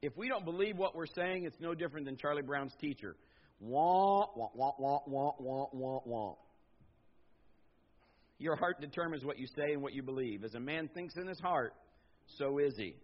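A middle-aged man preaching a sermon as pastor, swinging from loud emphatic bursts to low, quiet stretches. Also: fairly quick. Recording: slightly dull lo-fi sound.

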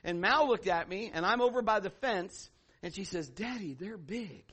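A middle-aged male pastor preaches with a high, bright, ringing voice. He tells his story with animation, dropping to hushed asides and rising to shouts. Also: normal speed. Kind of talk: sermon with storytelling.

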